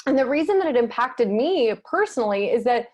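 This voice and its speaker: A woman's voice: fairly high pitch, sing-song, brisk, darkish tone. A woman hosting a podcast interview, enthusiastic and casual, swearing freely. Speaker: podcast host.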